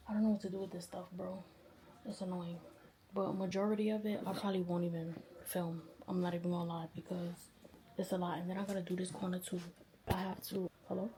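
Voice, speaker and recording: A woman in her twenties from New York, chatting casually to the camera while tidying her bedroom and thinking out loud about where things should go. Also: on the low side, flat delivery, fairly quick, noisy background. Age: 20s. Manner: chatty, thinking aloud, often unsure. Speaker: vlogger. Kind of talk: casual chat while cleaning. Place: bedroom at home.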